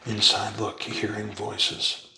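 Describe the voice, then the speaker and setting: A man reading a book aloud in a soft, unhurried ASMR whisper. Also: lowish voice, monotone, roomy sound, background noise. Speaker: ASMR reader.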